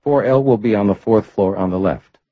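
A male narrator voicing a practical former FBI agent, a woman, speaking briskly and matter-of-factly in a slightly muffled audiobook recording. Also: lowish voice, slightly rough, no echo, voice pushed up.

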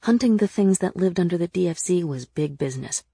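A woman narrating a first-person audiobook in an earnest, lively storytelling manner. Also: lowish voice, fairly quick, vocal fry, husky, no echo, studio quality.

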